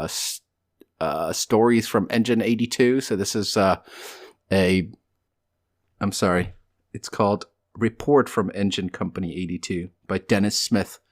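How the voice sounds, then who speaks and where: Hesitant man with dry humor. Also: fairly low pitch. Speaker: podcast guest. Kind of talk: casual interview chat. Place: home.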